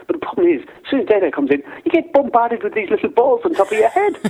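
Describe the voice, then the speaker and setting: A man voicing a mischievous male gnome with a Welsh accent, calling in on the phone and rambling through a long tale in a gravelly, husky voice. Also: very high voice, sing-song, fast, dark tone, heavily acted. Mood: cheeky. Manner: rambling storyteller with sing-song rises and falls. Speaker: phone-in caller. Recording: tinny phone line.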